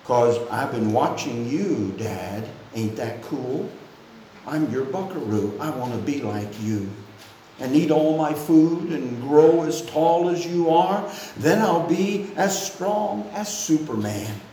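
A man's voice: a little high, animated, slow, mellow, a little hiss or hum. A man reading out the lines of a four-year-old boy from a song lyric during a sermon, in a slightly sing-song voice. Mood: tender. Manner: sing-song, lightly raised voice. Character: eager four-year-old boy admiring his dad. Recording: echoey church room.

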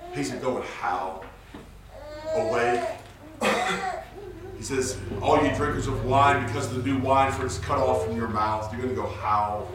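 A man preaching a sermon, swinging from low murmurs to shouted high cries. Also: background noise. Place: church sanctuary. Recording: roomy church recorded from far off.

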